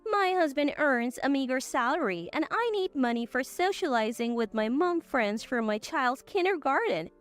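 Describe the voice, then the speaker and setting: A woman's voice: high-pitched, animated, normal speed, hardly any pauses, soft background music. A woman voicing a selfish, spoiled young mother who talks in a whiny, self-pitying way. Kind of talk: storybook drama narration.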